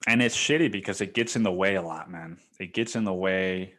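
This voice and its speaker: A young man hosting a solo podcast, talking in a rambling, profane, confessional way, full of "dude" and "man," swinging between loud bursts and near-whispers. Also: low voice, fairly quick. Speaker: podcast host.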